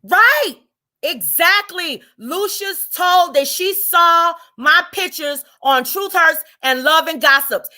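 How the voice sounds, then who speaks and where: High-voiced woman in a profane rant. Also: animated, sharp tone. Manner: combative, profane, drawn out then rushed. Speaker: livestream host. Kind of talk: angry livestream rant.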